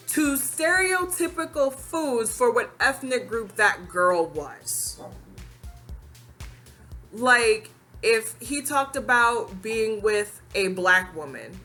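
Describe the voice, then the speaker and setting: A young adult woman telling a casual storytime vlog, animated and expressive, quick to laugh and acting out what people said. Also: fairly high pitch.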